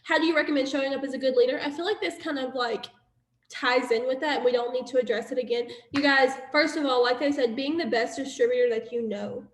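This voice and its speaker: A woman leading a team video call, giving an excitable, laughing pep talk about being loud. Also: high-pitched, fast talker, roomy sound, low-quality recording. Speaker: team leader hosting a call.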